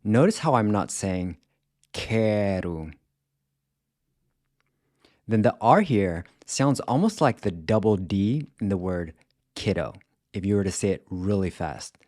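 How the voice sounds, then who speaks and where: A man teaching a language lesson in a scripted, careful way, repeating words slowly to show how they are said. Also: fairly low pitch, animated, darkish tone, no echo, clean studio sound. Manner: slow, careful, demonstrates pronunciation by repeating words.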